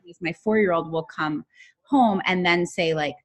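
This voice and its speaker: Woman, mother, caller on a video call, lower voice, hesitant, filler words. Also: normal speed. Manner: hesitant, many "um"s. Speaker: caller, a mother in the coaching group. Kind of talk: asking a question on a live call.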